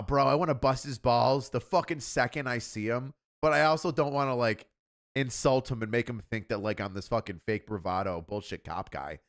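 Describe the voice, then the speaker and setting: A man, a police officer hosting a stream, talking in a rambling, profane, laughing way. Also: medium pitch. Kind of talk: casual chat.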